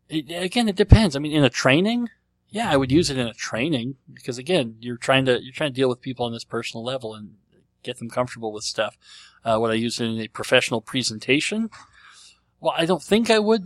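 Male host, mid pitch, casual rambling chat answering questions, dry close recording. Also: dry recording. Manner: rambling and conversational, thinking aloud. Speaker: podcast host.

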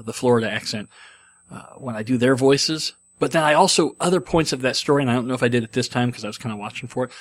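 A man in his forties telling a long, digressive personal story in a casual, rambling way. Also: medium pitch.

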